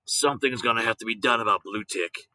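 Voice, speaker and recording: A plain-spoken farmer father, voiced by a man reading a storybook. He talks in an everyday, bright voice with a hesitant, apologetic edge. The sound is dry and close. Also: lowish voice, fairly quick, no room sound, poor audio.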